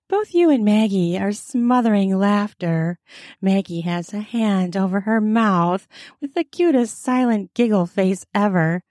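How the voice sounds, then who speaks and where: A woman reading an erotic story aloud in an intimate, unhurried storytelling manner. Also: mid-range voice, lively intonation, dark tone, dry recording, studio quality. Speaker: narrator.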